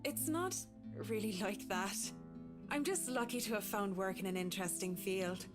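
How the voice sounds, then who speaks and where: A polite, reserved lady with a pet dog, put on by a man, speaking in a raised, courteous voice. She sounds a little apologetic, and faint music plays softly behind her. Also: high voice, normal speed, lightly acted. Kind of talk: visual novel voice reading.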